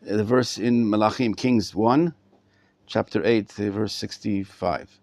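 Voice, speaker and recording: A man's voice: on the low side, fairly even intonation, a little slow, a little mellow. A middle-aged man, a rabbi, teaching a live class to students in a study hall, often repeating words as he thinks aloud. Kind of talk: live Torah class lecture.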